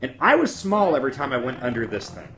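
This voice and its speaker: Fast, lively teasing man. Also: mid-range voice, soft background music. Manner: teasing, profane, animated. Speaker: streamer commenting on another's stream. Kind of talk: casual mocking commentary.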